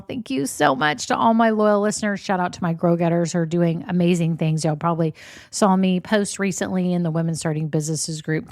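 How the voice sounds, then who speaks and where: Woman podcast host, bit scratchy and hoarse, lowish voice, chatty, dry close mic. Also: darkish tone, dry recording. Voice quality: slightly scratchy voice. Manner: chatty and upbeat, says y'all. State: swollen voice box, a bit hoarse. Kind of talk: casual solo podcast talk.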